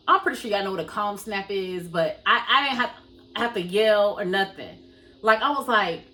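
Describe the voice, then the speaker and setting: A woman's voice: medium pitch, moderate pace, bright, forceful tone, distant mic, rough recording. A woman casually tells a personal story to her viewers, talking them through it and acting out what people said. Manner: chatty, addresses viewers as y'all, acts out quoted dialogue. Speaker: vlogger telling a personal story.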